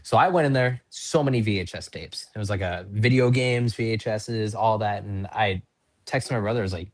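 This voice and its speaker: A man from North Dakota, a pro wrestler appearing as a podcast guest, tells casual stories in an interview. His voice sits on the low side and moves at a moderate pace. He's chatty, rambling, and self-deprecating.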